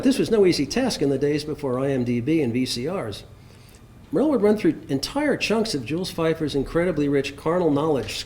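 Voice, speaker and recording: A man reads written tributes aloud at a memorial service in a fond, lightly amused way. His voice sits a bit high for a man. A faint noise hums behind him. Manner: warm, fond reading, often laughing.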